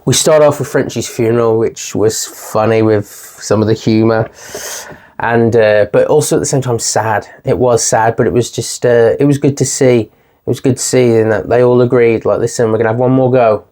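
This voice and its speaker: A young man talks through a TV finale in a chatty, excitable way and laughs often. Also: medium pitch, moderate pace. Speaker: TV series reviewer. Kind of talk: casual video review.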